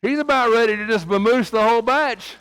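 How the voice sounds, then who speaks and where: Here a man with an extremely high, smooth voice preaches a little fast, his light Oklahoma Southern accent audible as he asks rhetorical questions and shifts from hushed to raised tones. There's no echo, but the audio quality is poor.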